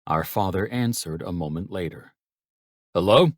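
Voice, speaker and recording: Deep-voiced male audiobook narrator. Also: normal speed, no echo, studio quality. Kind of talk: first-person audiobook narration.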